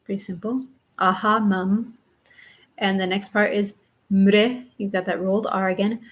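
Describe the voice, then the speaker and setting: A woman teaching a chant in a step-by-step pronunciation lesson, drawing out syllables slowly and patiently for students to repeat. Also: mid-range voice, fairly even intonation.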